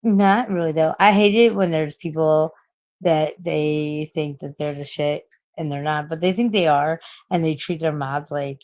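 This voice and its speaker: A woman's voice: deep voice, steady tone, a little slow, darkish tone. A woman in her forties chatting casually on a late-night live stream, rambling, swearing a lot and laughing at herself. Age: 40s.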